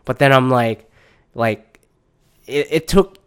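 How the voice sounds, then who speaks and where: A man hosting a casual solo podcast, rambling and swearing often, low on energy and under the weather. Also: takes it slowly, a bit bright, clear, resonant tone. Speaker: podcast host.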